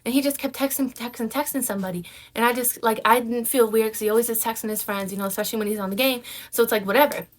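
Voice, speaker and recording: A woman's voice: on the high side, racing, hardly any pauses. A young woman vlogger telling a personal story in casual chat, full of "like" and "right?". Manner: animated storytelling, frequent "like" and "right?" fillers.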